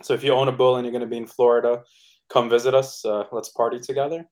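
Relaxed, upbeat man with many fillers. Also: mid-range voice, fast. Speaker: NFT project co-founder guest. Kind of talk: casual podcast interview.

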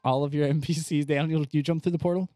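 A man hosting a tabletop game podcast, narrating the scene for his players in an easygoing way with frequent filler pauses. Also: a little high, steady tone, warm tone, no room sound. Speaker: game master and podcast host.

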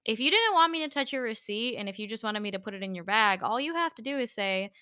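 A woman's voice: on the high side, animated, quick pace, hardly any pauses, sharp tone, clear, resonant tone, dry recording, studio quality. A young woman co-hosting a podcast, telling a story in casual chat with lots of fillers. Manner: chatty storyteller, many fillers. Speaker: podcast co-host.

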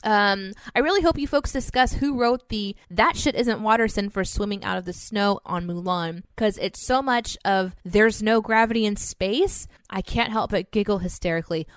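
A woman co-hosting a podcast in casual chat, chatty and animated, with lots of fillers. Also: mid-range voice, dry recording, studio quality. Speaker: podcast co-host.

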